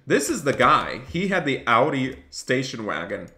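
A man's voice: mid-range voice, very animated, unhurried, pushed and bright. A man streaming a game live, cheerfully thanking donors and barking mock police orders as he role-plays a cop. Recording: echoey room, faint noise.

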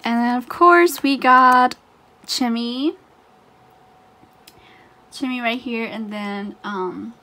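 Woman, high-pitched, slow and drawn-out, gushing unboxing chatter, excitable. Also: slight background noise. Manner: gushing, excitable, often laughing. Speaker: unboxing vlogger. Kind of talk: casual unboxing chat.

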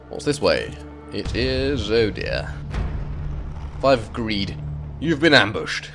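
A man's voice: fairly low pitch, unhurried, fairly bright tone, soft background music. A man hosting a let's play, commenting wryly and reading game text aloud. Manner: chatty, sweary, wry.

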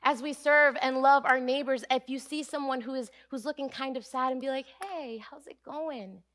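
A woman delivers a sermon in a church with a fairly high voice. She preaches earnestly and with emphasis. She slows down and leans on the key phrases. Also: level tone, fairly bright tone. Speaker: pastor. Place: church sanctuary.

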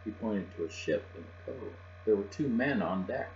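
A man reading a children's picture book aloud in a soft, even narrating voice. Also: on the low side, moderate pace, creaky. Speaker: storybook reader. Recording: dull lo-fi with mains hum.

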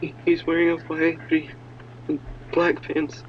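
A man voicing a frightened young male caller hiding from a killer, speaking quietly and stammering on a muffled call recording. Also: on the high side, level tone, normal speed, close to an everyday voice. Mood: terrified.

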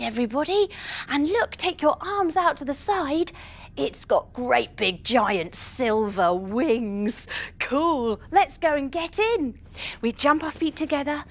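A young woman leading a storytelling yoga class for children, playful and encouraging, with gasps and sound effects. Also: sits high. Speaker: kids yoga teacher.

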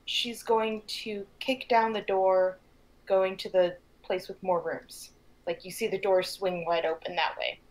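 A woman's voice: medium pitch, fairly even intonation, measured pace, poor audio. A woman playing a tabletop game, describing her character's actions with animation. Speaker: player.

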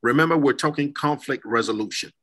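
A man's voice: mid-range voice, brisk, a bit bright, low-quality recording. A man hosting a church talk show, reading scripture aloud and then putting a question to his guest. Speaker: host.

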